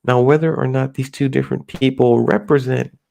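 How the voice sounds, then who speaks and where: A middle-aged American man talking casually in a rambling, halting monologue with many restarts. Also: medium pitch, fairly even intonation, gravelly, darkish tone. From United States.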